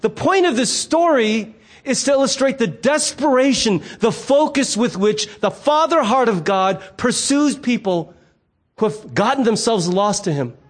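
A middle-aged man, a pastor, preaching a sermon in a conversational, humorous way and acting out the voices in his stories. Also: high voice. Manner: animated storyteller who acts out quoted voices.

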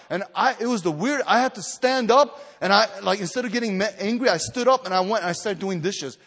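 A man's voice: sits high, lively intonation, fast, hardly any pauses, a bit bright, husky, long reverb tail. A man preaching a sermon to a retreat gathering, telling stories with lots of fillers and restarts, then building to emphatic exhortation. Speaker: pastor.

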